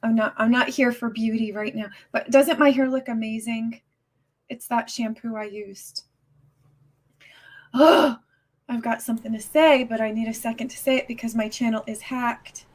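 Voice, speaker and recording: Upset woman venting on her livestream, kinda high voice, keeps stumbling over her words, swears a lot. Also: flat delivery. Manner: halting, stumbling restarts, swearing, agitated. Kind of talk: casual live-stream rant.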